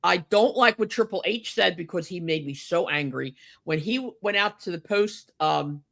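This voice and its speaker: A woman's voice: on the low side, moderate pace, gravelly, a bit bright. A woman co-hosting a podcast, chatting casually and getting indignant about a wrestling match, with lots of fillers and restarts. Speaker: podcast co-host.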